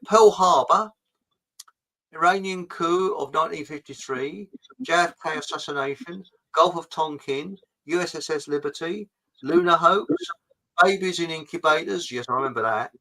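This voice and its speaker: A man's voice: a little high, pushed and bright, rough recording. A middle-aged man hosting a casual live chat show, reading out viewer comments in a jokey, rambling way. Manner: jokey and rambling, with frequent fillers.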